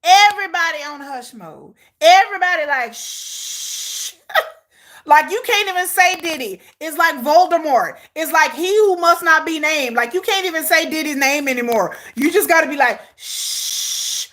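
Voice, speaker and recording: A woman's voice: sits high, animated, moderate pace, fairly bright tone. A woman, hosting a casual commentary live stream, blunt and combative, cussing freely.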